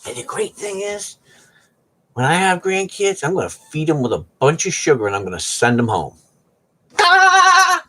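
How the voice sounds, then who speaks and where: A middle-aged streamer chatting casually to viewers from home. The voice swings up and down a lot, with folksy banter and a steady middle pitch. The talk is loose, joking and animated. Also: moderate pace, slightly rough. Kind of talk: rambling casual chat to viewers. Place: at home on a cold day.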